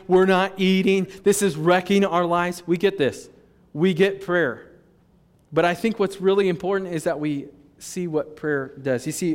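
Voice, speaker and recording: Young pastor preaching in a reverberant hall. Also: male voice, on the high side. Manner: casual, conversational preaching with quick asides. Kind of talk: sermon. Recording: long reverb in a large hall.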